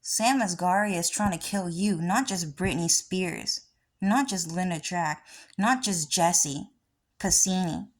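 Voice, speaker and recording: A woman's voice: lowish voice, slow pace. A woman vlogger talking in a rambling, casual monologue, often swearing.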